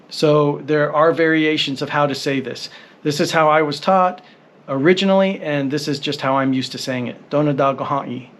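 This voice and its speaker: Guy teaching a language lesson, kinda high voice, patient and encouraging, sounds out each syllable slow.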